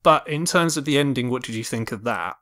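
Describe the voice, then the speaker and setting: Man, podcast co-host, casual film review chat, thoughtful, hedging, middle pitch. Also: animated, a little fast, bright, forceful tone. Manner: thoughtful, hedging with many fillers.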